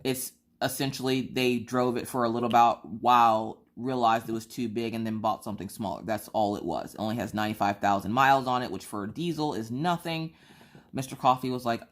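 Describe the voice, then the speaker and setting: A woman vlogger telling a story in a chatty, slangy way, acting out the voices she quotes. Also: fairly quick. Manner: animated, acts out quoted voices with big pitch jumps; casual slangy talk, addresses viewers as y'all.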